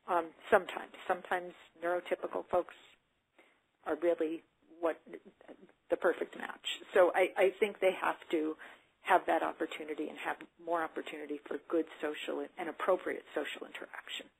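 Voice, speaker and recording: A woman's voice: low-pitched, level tone, moderate pace, gravelly, breathy edge, rough recording. A middle-aged woman, an autism support specialist, answering questions in a webinar and acting out sample dialogues with students. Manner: earnest, explanatory, acts out student and coach dialogue.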